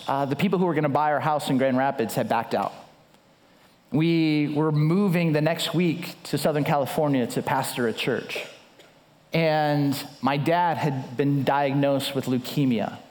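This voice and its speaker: A male pastor in his thirties preaches with animated storytelling energy. His voice sits notably high for a man, and he often stumbles and restarts mid-sentence. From United States. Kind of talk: sermon with storytelling.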